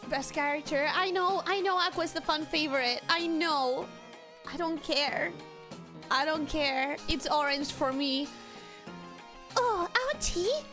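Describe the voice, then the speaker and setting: High-voiced young woman streamer chatting. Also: fairly even intonation, unhurried, bright, forceful tone. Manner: chatty, greets viewers, joking asides. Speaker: VTuber streamer. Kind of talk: casual let's-play chat. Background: game music.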